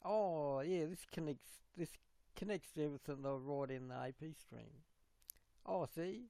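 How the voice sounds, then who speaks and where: Man, livestream chat, rambling, gravelly, dry close sound. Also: a little high, warm tone, no room sound. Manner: rambling, halting, self-correcting.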